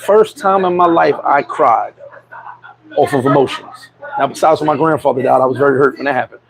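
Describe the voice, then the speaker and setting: A middle-aged man hosts a vlog, telling a candid personal story in a streetwise manner, restarting and repeating himself and often saying "you know what I'm saying." His mid-range voice is brisk and creaky. Loud crowd chatter fills the background, adding noise to the recording.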